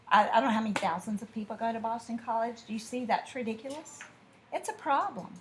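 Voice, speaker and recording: A woman's voice: fairly high pitch, a little hiss or hum. Chatty teacher woman with a lilt. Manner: chatty, with drawn-out asides and mimicked dialogue. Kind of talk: classroom lesson. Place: classroom.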